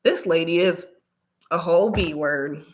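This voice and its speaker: Woman, vlogger, casual storytelling, animated, acts out the dialogue. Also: on the low side, unhurried.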